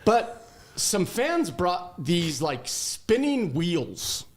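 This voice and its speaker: Animated, lively-voiced man telling stories. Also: high-pitched, very slow. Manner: animated, laughing, excitable. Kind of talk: casual storytelling.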